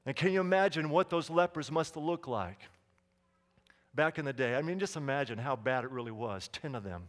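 A man preaching a sermon as pastor, dramatic, dropping to a hush and then rising to loud calls. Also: medium pitch, expressive, fairly quick. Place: church sanctuary. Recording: long hall reverb.

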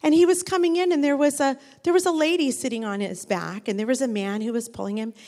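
A woman with a high voice spins a gentle tale for children, pausing to ask her young listeners questions. Her voice rings out with a long reverberant tail, as if in a large hall. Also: fairly even intonation. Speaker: storyteller to children. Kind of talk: children's storytelling.

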